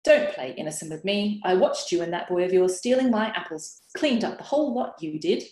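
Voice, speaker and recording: A woman voicing a hostile elderly village woman, sharp and hissing. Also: fairly low pitch, lively intonation, fairly quick, natural voice. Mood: indignant. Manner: sharp, hissing, snapping accusations. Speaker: author reading from her novel. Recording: roomy webinar audio.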